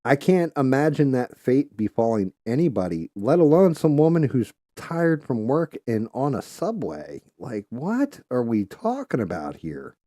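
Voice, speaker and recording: A man's voice: mid-range voice, sing-song, measured pace, few pauses, dark tone, dry recording, clean studio sound. A man hosting a podcast, talking in a casual, profane, heated and blunt way. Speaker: podcast host.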